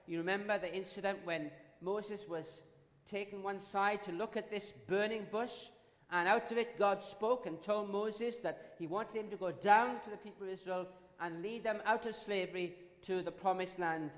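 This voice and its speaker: A man gives a sermon in a large hall, and his voice trails off into a long reverb. His voice sits a little high. He talks in an easy storytelling way, with ums and small restarts. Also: moderate pace. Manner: storytelling, relaxed with fillers and restarts. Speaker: pastor. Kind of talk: sermon with an opening joke.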